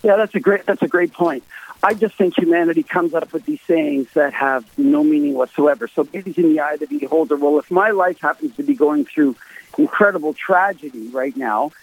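A male musician, a guest on a phone interview, tells stories emphatically, repeating himself for stress. His voice is on the high side and brisk, and the phone line sounds tinny and dry, with no room sound.

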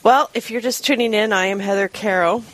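A woman co-hosting a talk radio show, answering her co-host briefly and reading smooth host lines into the break. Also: medium pitch, fairly quick, a bit bright, rough recording. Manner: brief affirming responses, smooth host read.

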